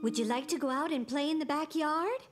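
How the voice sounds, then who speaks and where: A woman voicing a gentle, patient grandma. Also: high-pitched, a little fast, loud music behind the voice, natural voice. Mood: coaxing. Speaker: grandmother character. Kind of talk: cartoon voice acting.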